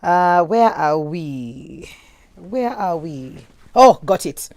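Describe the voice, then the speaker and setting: A woman's voice: lowish voice, lively intonation, drawn-out words, darkish tone, no echo. A woman hosting a talk show, reading out listener messages in a chatty, giggly way.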